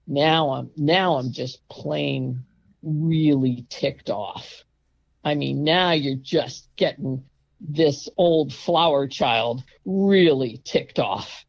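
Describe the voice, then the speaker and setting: An older woman telling a personal story in a casual, emphatic and indignant way, sometimes breaking into loud outbursts. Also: deep voice, drawn-out words, creaky, no echo, dull audio.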